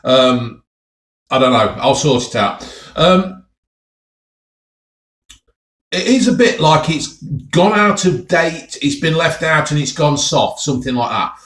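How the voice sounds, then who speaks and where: A man's voice: on the high side, animated, slow pace, long pauses, fairly bright tone. Chatty English Midlands man in an echoey room. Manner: chatty, enthusiastic, talks to viewers as folks. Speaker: food vlogger. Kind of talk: casual food tasting vlog.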